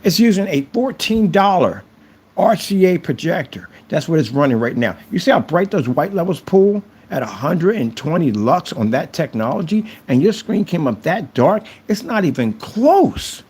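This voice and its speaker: A man's voice: fairly high pitch, sing-song, normal speed, a little mellow, slightly rough. A man ranting to camera about his projector screen, boastful and taunting his critics. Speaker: channel creator reviewing projector screens.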